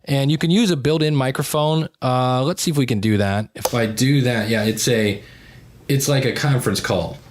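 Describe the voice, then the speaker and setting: A man's voice: medium pitch, moderate pace, a little hiss or hum. A man hosting a podcast, demonstrating gear in a chatty, wry and upbeat way. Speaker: podcast host. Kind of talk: casual gear demo.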